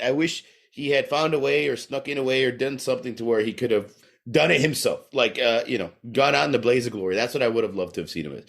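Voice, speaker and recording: A man's voice: mid-range voice, vocal fry. A man co-hosting a podcast, chatting casually and swearing often as he rants and laughs through his complaints. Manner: profane, animated, laughing while ranting. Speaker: podcast co-host. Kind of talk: casual chat.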